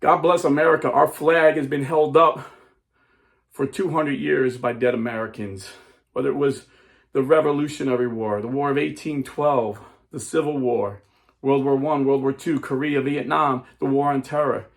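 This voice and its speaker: A man telling a story to a crowd in an emphatic, dramatic way. His voice sits at an ordinary middle pitch. He jumps into the characters' lines as he tells it. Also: moderate pace, creaky. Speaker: speaker.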